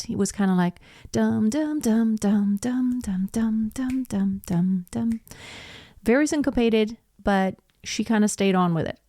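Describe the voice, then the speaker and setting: A woman's voice: mid-range voice, darkish tone, dry recording, clean studio sound. A woman vocal coach giving admiring, explanatory commentary while reacting to a song.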